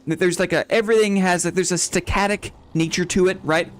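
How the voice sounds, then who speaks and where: A man's voice: high-pitched, fairly quick. A young man hosting a casual live stream who rambles, laughs often and keeps asking "right?". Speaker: game streamer. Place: home streaming setup.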